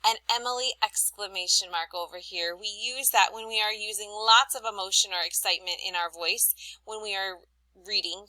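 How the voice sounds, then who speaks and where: A woman teacher giving a recorded lesson to children, explaining things clearly and reading examples aloud with expression. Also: medium pitch, pushed and bright, no echo, rough recording.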